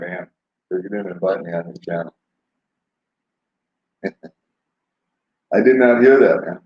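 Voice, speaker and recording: A man's voice: sits low, unhurried, long pauses. An older man chatting casually on a live stream, rambling and laid-back, laughing often as he answers viewers. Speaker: vlogger answering live chat. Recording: roomy, dull lo-fi sound.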